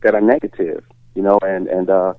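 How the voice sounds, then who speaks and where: A man from Chicago talks over a tinny, phone-like line, his voice fairly low and dry. He speaks in a relaxed, easygoing way, filling his sentences with "you know" and "uh" as a guest answering interview questions. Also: brisk, dry recording. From Chicago, USA. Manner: relaxed, filler-heavy talk with many "you know"s. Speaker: guest singer.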